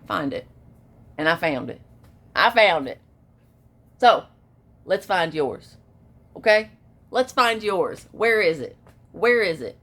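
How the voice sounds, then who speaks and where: A vlogger with a lowish voice speaks straight to camera in a casual motivational monologue. She is emphatic and repeats herself, moving between hushed lines and shouted ones.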